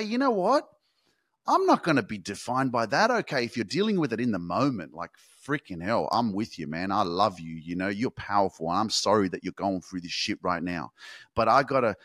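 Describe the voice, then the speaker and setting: A man hosting a motivational podcast, speaking with intense, profane emphas and swinging between hushed and shouting. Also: fairly high pitch. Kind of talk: motivational monologue.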